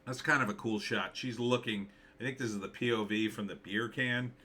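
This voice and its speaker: A man's voice: lowish voice, fairly even intonation, fairly quick, sharp tone. A man talking through a movie trailer in casual commentary, thinking aloud and rambling with many fillers. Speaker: screenwriter reviewing a movie trailer.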